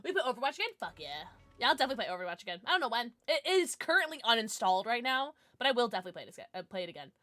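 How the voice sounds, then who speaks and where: A bubbly young woman chatting on a livestream from her home setup into a desk mic. Her voice sits a little high and swoops all over as she jokes, squeals, and gasps at new followers. The banter sounds playful and slightly tipsy. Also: big pitch swings, racing, pushed and bright, no echo, soft background music. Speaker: streamer. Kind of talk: casual livestream chat with viewers.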